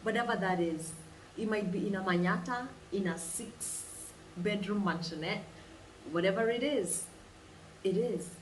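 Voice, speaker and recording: A woman leading a guided imagination exercise, telling it in an animated way and repeating phrases for emphasis. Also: mid-range voice, a little slow, slight background noise. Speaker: vlogger. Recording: roomy sound, distant mic, faint ambience.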